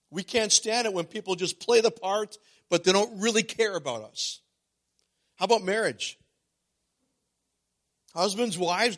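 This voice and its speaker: A middle-aged male pastor preaching a sermon in a church, animated and asking the congregation questions. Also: high voice. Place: church sanctuary.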